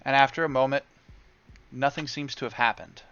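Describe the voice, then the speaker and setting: A man narrating as game master in a casual, halting way. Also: medium pitch, fairly even intonation, a bit bright, highs cut off, a little hiss or hum.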